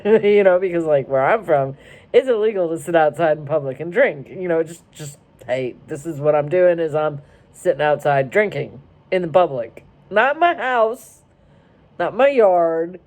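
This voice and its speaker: A woman's voice: on the low side, animated, moderate pace, darkish tone. A young woman from Florida telling a rambling, wry story to camera, interrupting herself as she goes. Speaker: vlogger. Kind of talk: casual storytelling. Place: car.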